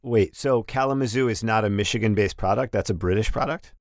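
Gravelly low-voiced male co-host. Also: brisk, no echo, clean studio sound. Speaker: podcast co-host. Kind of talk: casual chat.

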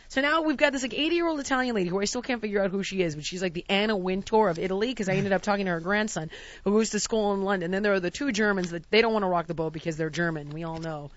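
A woman's voice: medium pitch, fast talker, dull audio. A woman in casual chat, telling a long travel story and acting out the quotes with exasperated outbursts. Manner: acts out quotes, shouting in exasperation.

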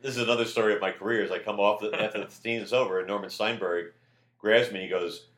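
Deep-voiced man telling rambling stories. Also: quick pace. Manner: rambling, animated, acts out quotes loudly. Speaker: podcast guest. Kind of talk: casual anecdotal storytelling. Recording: roomy echo.

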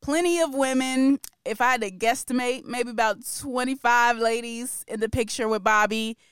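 A woman's voice: fairly high pitch, moderate pace, fairly bright tone, clean tone, no echo, studio quality. A woman co-hosting a podcast, chatting casually and laughing often, playful and opinionated. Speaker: podcast co-host. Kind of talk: casual chat.

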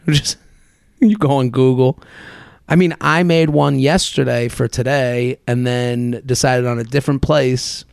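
A man's voice: mid-range voice, creaky, no echo, studio quality. A man in his thirties hosting a solo podcast, talking in a chatty, rambling, self-deprecating way. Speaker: podcast host.

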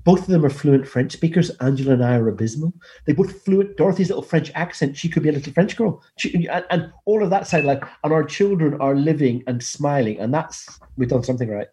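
A man's voice: fairly high pitch, brisk, few pauses, dark tone. Man, british accent, enthusiastic, emphatic, podcast guest. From Britain. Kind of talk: casual chat.

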